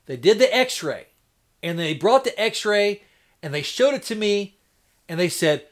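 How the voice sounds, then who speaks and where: Man, somewhat high voice, folksy and rambling live-stream host. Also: sing-song, a little slow. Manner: folksy, rambling, acts out doctors in quoted voices. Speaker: homestead livestreamer. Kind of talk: casual live-stream chat.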